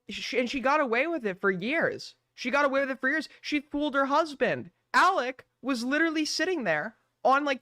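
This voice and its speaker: Male streamer, live commentary, swearing and exasperated, smooth voice, dry sound. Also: very high voice, pushed and bright, no echo. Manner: profane, exasperated ranting.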